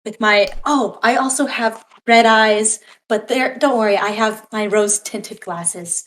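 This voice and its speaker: A woman's voice: fairly high pitch, unhurried, a bit bright, a little hiss or hum. A woman player casually describing her character's actions in a tabletop game, with a chatty, hesitant manner.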